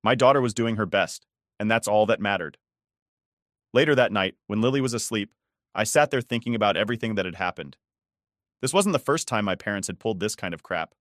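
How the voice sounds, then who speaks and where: A man's voice: on the low side, no echo, clean studio sound. A man narrating a first-person story in a casual, conversational way, swearing often.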